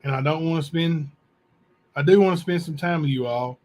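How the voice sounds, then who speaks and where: A man with a somewhat high voice reads letters aloud for his viewers. He keeps a plain, unhurried pace, breaking off now and then for his own comments. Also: darkish tone. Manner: plain, unhurried reading with asides and spelling out words. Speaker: channel host.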